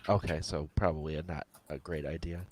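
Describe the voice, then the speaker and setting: A man playing in a tabletop role-playing game, asking halting, unsure questions. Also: very deep voice, fairly even intonation, darkish tone. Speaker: player.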